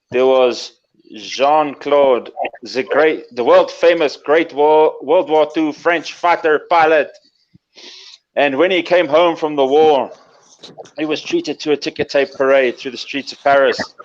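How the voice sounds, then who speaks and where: Man, casual joke-teller, slightly high voice, dull video-call sound. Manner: relaxed, chuckling storyteller. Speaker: panelist.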